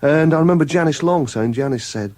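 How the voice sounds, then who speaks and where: A man's voice: on the high side, a little fast, darkish tone. A man chatting casually on a radio show as a regular contributor, rambling through anecdotes and mimicking voices for comic effect.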